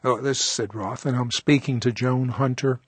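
A man's voice: medium pitch, steady tone, normal speed, slightly rough, no echo. A man hosting a show, interviewing a guest with probing, conversational questions. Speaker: TV show host.

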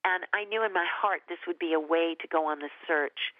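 A woman's voice: lowish voice, no echo. Woman sharing her testimony on a tinny phone line, earnest, stumbles and restarts, dry sound. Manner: earnest, emotional, with halting restarts. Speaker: ministry leader and guest. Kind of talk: personal testimony storytelling. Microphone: phone call.

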